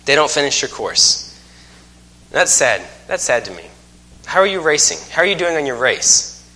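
A man's voice: on the high side, sing-song, normal speed, bright, forceful tone. A man in his thirties preaching a sermon, telling folksy stories with self-mocking humor. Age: 30s. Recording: long hall reverb.

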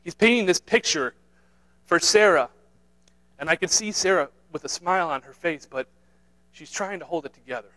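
A man's voice: fairly high pitch, animated, moderate pace, long pauses, sharp tone, rough recording. A man preaching a sermon in an earnest way, repeating himself, restarting phrases and asking his listeners "right?". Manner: earnest, repetitive, with many restarts and "right?" tags.

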